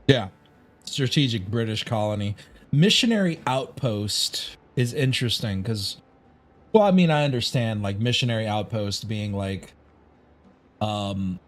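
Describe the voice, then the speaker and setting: A man's voice: lowish voice, animated, a little slow. An American man streaming a game, musing aloud in a rambling, casual way with many fillers and some swearing. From United States. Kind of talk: casual live-stream chat while playing.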